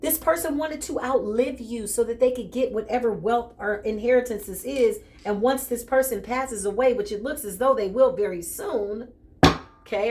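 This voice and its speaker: A woman giving a casual tarot reading straight to her listener, animated and joking, often calling out "listen" and "okay". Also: on the high side. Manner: animated and joking, with bursts of laughter. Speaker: tarot reader.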